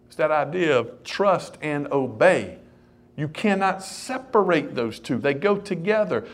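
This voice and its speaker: A male pastor delivers an animated sermon. His voice sits a little high, and he keeps swinging it up and down for emphasis. He talks straight to the congregation. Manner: animated preaching, rising and dropping his voice, addressing the congregation directly.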